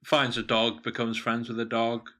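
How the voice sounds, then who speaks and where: A young man co-hosting a casual chat, recapping stories in a lively way. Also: mid-range voice, normal speed. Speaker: co-host. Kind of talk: casual chat reviewing shows.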